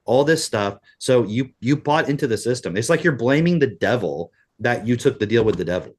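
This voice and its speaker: A man's voice: mid-range voice, animated, fairly quick, husky. A man co-hosting a podcast in casual chat, talking in an emphatic, profane rant. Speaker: podcast co-host.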